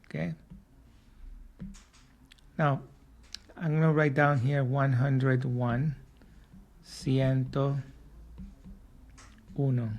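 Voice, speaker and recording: Slow, patient male language teacher. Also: medium pitch, level tone, darkish tone, dull audio. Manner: patient, repeats and drills words. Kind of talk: slow spoken lesson for learners.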